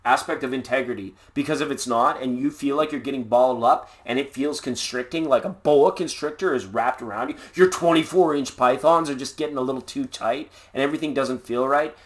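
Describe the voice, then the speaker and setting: Male live-stream tarot reader, mid-pitched voice, easygoing, punning, rambles cheerfully. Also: fairly quick, hardly any pauses. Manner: playful, jokey, rambling with puns; laid-back and upbeat. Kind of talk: casual live tarot reading.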